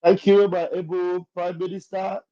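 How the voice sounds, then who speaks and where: A man moderating a live online audio session, formal and courteous, with many filler pauses. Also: high voice, flat delivery, no echo. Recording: dull, dry, lo-fi online audio.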